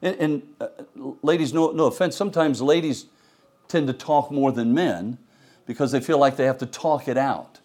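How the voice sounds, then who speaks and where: A middle-aged male pastor preaching a storytelling sermon, animated, swinging between loud emphasis and quiet asides. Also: mid-range voice, moderate pace.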